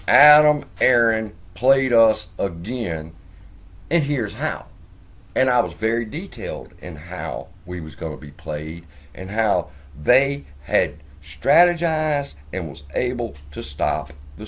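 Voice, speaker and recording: A man hosting a finance video, telling stories animatedly, acting out the quotes and swearing. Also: on the low side. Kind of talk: casual commentary.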